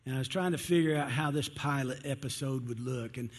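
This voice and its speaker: Husky-voiced pastor preaching in a hall. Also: male voice, medium pitch, brisk. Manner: storytelling, acting out characters with raised voices. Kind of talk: sermon. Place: church.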